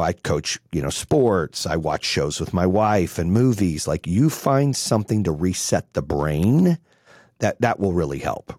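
A business coach in his forties delivers a blunt motivational talk full of profanity, speaking with brash conviction. His voice sits low and a little mellow, recorded cleanly in a studio with no echo.

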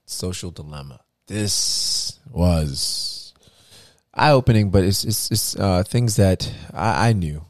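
A man co-hosting a casual podcast chat, joking around and teasing his friend with quick impressions. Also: low voice, lively intonation. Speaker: podcast co-host.

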